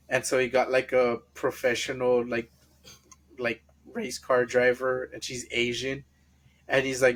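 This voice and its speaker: A man's voice: medium pitch, level tone, unhurried, a bit bright. A man co-hosting a podcast in casual chat, rambling through a retelling and laughing at the punchlines. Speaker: podcast co-host.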